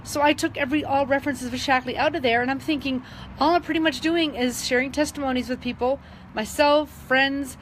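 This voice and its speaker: A woman's voice: high-pitched, fairly even intonation, fairly quick, slight background noise, low-quality recording. A middle-aged woman telling a personal story in a casual, earnest and emotional way, with many fillers and restarts. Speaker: wellness advocate sharing testimonies.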